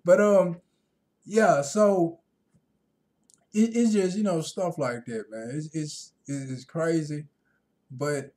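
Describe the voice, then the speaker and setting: A man ranting in a casual vlog monologue, rambling and repeating himself, growing loud and animated when he retells conversations. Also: a little high. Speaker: vlogger.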